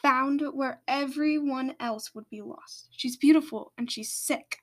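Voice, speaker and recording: A defiant male dragon, exiled and scheming, who argues back hard, as a woman reads him aloud. The voice sits high in pitch. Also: measured pace. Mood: pleading.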